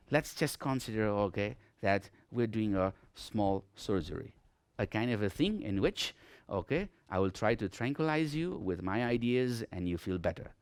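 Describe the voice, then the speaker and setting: This Nepali man teaches a televised English grammar lesson in a lowish, smooth voice with no echo. His lively classroom delivery is emphatic, and he checks in with "okay?" again and again.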